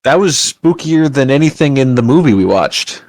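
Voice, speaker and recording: A man with a mid-range voice co-hosts a podcast in a relaxed chat. He teases his co-host and jokes often. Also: mid-range voice, dry recording. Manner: teasing, quick to joke. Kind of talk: casual chat.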